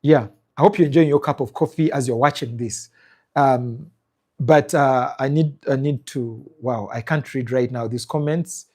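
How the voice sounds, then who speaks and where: A man's voice: mid-range voice, moderate pace, darkish tone, breathy edge. A man hosting a live stream from a cafe, giving rambling, emphatic commentary and reacting to viewer comments.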